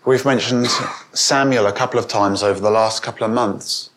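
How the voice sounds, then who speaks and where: A man's voice: fairly even intonation, moderate pace. A man preaching a sermon to a congregation. He asks them questions and raises his voice when he quotes. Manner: rises in pitch and volume when quoting, asks the congregation questions.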